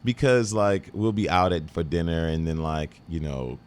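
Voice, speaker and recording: A man's voice: sits low, lively intonation, normal speed. A man being interviewed, easygoing and laughing often, sometimes repeating words as he talks. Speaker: Broadway actor guest. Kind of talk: casual interview chat.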